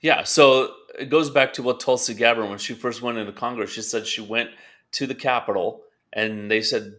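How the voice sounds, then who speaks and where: A man's voice: medium pitch, fairly even intonation, normal speed, a bit bright. A man co-hosting a political talk show, explaining his views steadily and asking rhetorical questions. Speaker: podcast co-host. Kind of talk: political commentary chat.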